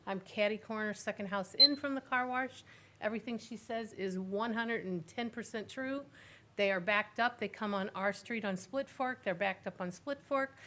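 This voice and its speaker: A woman's voice: medium pitch, normal speed, bright, forceful tone, slight background noise. A woman giving public comment at a city council hearing, emphatic and insistent, repeating her points. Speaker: resident speaking at public hearing.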